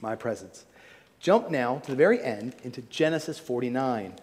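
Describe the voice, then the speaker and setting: A man delivering a sermon, building to emphatic high points and then dropping quiet and low. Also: lively intonation, brisk. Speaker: preacher. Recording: long reverb of a large hall.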